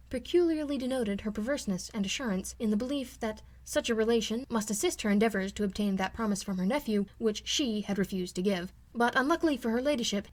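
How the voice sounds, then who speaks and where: A woman reads a classic novel aloud as an amateur audiobook narrator. Her delivery is measured and steady. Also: a little high. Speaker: audiobook reader.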